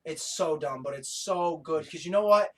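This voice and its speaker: A man co-hosting a podcast in casual chat, excitable and profane, often breaking into laughter. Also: fairly high pitch, normal speed. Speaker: podcast co-host.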